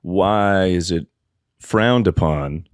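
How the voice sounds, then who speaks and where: A man's voice: low voice, extremely slow, dry recording, studio quality. A man co-hosting a comedy podcast, talking in a rambling, profane way and going off on tangents. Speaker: podcast co-host. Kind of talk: casual comedy podcast chat.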